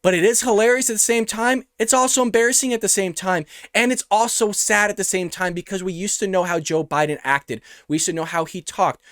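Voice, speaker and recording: A male show host gives opinionated reaction commentary straight into a close microphone. His voice sits high and the sound is bone dry. He keeps turning to his viewers as folks. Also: fairly quick, hardly any pauses, fairly bright tone, no echo. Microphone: close studio microphone.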